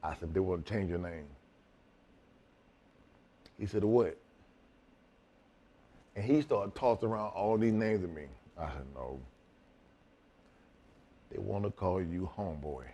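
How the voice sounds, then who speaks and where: A man's voice: deep voice, a little slow, long pauses, slight background noise. A man, a former wrestler, telling a profane backstage story as a guest in a casual chat, acting out both sides of the conversation. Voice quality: profane, animated retelling.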